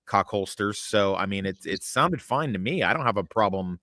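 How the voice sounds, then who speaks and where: Low-voiced guy hosting a podcast, swears a ton, rambly blunt takes, dry close mic. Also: expressive, moderate pace, pushed and bright, no echo. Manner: profane, rambling, blunt opinions. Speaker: podcast host. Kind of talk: casual podcast chat. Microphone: remote call mic.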